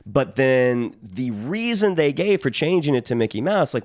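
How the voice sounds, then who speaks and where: A man's voice: medium pitch, big pitch swings, moderate pace, dry recording. A man co-hosting a casual movie podcast, explaining behind-the-scenes trivia. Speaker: podcast co-host.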